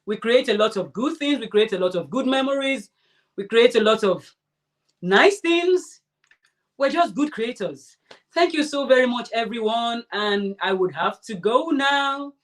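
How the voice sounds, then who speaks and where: A woman hosting a crafting livestream, chatting casually and warmly answering her viewers' comments. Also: a little high, animated, unhurried. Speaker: crafting channel host.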